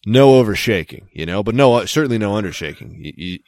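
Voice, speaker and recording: A man's voice: on the low side, animated, fast talker, a little mellow, no room sound. A man co-hosting a podcast, rambling and joking in casual chat, swearing now and then. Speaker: podcast co-host.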